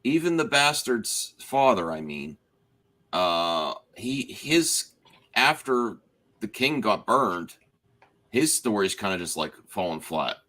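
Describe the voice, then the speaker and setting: A man chatting casually about a TV finale, animated and often restarting his sentences. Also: lowish voice, slow. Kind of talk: casual spoiler chat.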